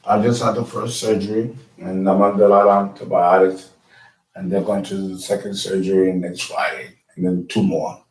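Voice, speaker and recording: A man's voice: low-pitched, level tone, normal speed, a little mellow, poor audio. A man talking as an astrologer, rambling through a casual lecture with many fillers and restarts. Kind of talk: casual lecture and phone call.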